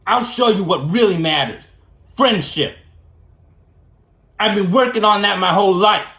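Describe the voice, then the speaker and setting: A man ranting in a casual vlog, animated and indignant, repeating phrases for emphasis. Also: high voice, measured pace, creaky, echoey room. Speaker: vlogger. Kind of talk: casual storytelling rant.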